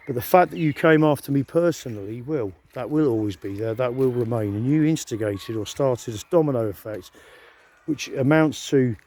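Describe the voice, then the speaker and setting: Aggrieved man with a dark voice. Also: mid-range voice, normal speed. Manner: aggrieved, profane, rambling. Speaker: vlogger. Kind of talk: direct-to-camera monologue.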